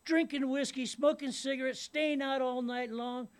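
A stern, irritated priest snaps out a scolding lecture, as a man puts him on in a joke. The voice sits high and carries a gravelly edge. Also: fairly even intonation, normal speed. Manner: snapping, lecturing.

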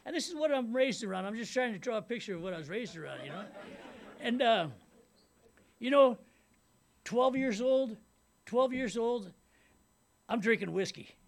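A middle-aged man with a high, gravelly voice tells his life story in a loose, rambling way. He repeats his words as he goes and keeps asking if you know what he means. He grew up in Ventura County, California. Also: lively intonation, normal speed, pauses often. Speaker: speaker sharing his recovery story. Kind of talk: personal testimony.

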